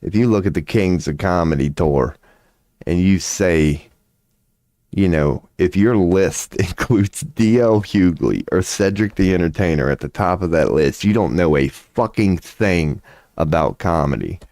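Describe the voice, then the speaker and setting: Low-voiced man on a profane rant. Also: a little slow, no room sound, studio quality. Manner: profane, rambling, excitable. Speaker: streamer offering tarot readings. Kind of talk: casual livestream rant.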